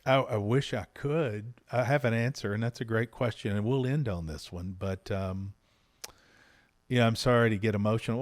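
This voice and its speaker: Middle-aged male host, earnest and reflective, medium pitch. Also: steady tone, moderate pace. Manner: earnest, reflective and openly heartfelt. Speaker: podcast host. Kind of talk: candid conversation with his spouse.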